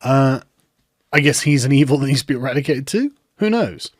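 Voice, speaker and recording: Mocking, animated male commentator. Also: medium pitch, brisk, dry recording, studio quality. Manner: mocking, incredulous, breaks into laughter. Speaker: online commentator. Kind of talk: sarcastic commentary.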